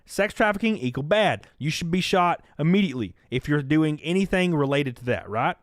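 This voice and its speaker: Southern guy, young, live-stream host, lively and foul-mouthed, dry close mic, slightly high voice. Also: a little fast, dry recording. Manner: animated, profane, reads out chat donations. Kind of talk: casual live-stream commentary.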